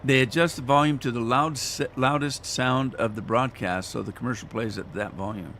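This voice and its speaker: At normal speed and with a fairly bright tone, a man with a mid-range voice offers casual let's-play commentary, chatting and rambling folksily while he plays for his gaming channel. A little hiss or hum sits under the recording.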